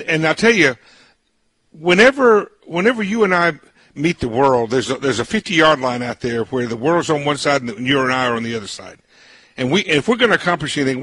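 A man's voice: mid-range voice, bright, forceful tone, slightly rough, dry recording. A man hosting a radio interview in a folksy way, often repeating words as he searches for what to say. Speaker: radio host.

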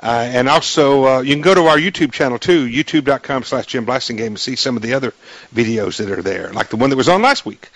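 A man's voice: medium pitch, fast talker, fairly bright tone, dry recording, poor audio. A man hosting a radio talk show, chatty and folksy, laughing easily with his guest.

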